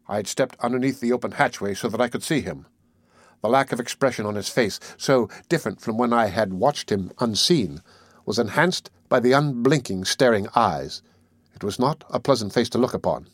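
Male audiobook reader, measured steady storytelling, mid pitch, dry close mic. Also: no room sound. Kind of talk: scripted audiobook narration.

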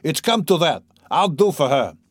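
Male reader as brutal drunken young peasant; loud, bullying, swinging pitch, dry read. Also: animated, normal speed, no room sound. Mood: furious.

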